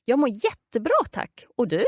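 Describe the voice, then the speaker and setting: Lively Swedish-accented woman teaching phrases. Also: fairly high pitch, normal speed, no echo, clean studio sound. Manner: patient, models phrases clearly, sing-song intonation. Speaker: language teacher. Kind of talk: language lesson podcast.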